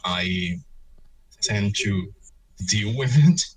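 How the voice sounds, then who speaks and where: A man's voice: lowish voice, animated, very slow, a crowd in the background. A man on a casual podcast, hesitant and searching for his words. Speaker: podcast guest. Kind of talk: casual chat. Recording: husky voice, distant mic.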